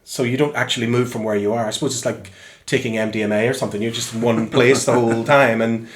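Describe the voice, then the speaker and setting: A singer-songwriter with a Northern Irish accent, telling lively anecdotes in a relaxed interview at home. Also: male voice, mid-range voice, fast. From Northern Ireland. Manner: lively storyteller, acts out quoted voices. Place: room in his home. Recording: echoey room.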